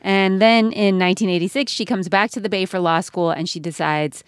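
Relaxed female podcast co-host. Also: mid-range voice, fairly quick, clear, resonant tone, no echo, clean studio sound. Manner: relaxed, chatty, lightly teasing. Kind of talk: casual podcast conversation.

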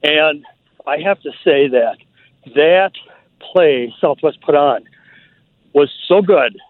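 A man with a fairly high voice calls in to a radio show from Minnesota over a thin, tinny phone line. He is walking outside as he talks, and he speaks in a chatty, eager way. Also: slow pace, dry recording. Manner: chatty and enthusiastic. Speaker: radio caller.

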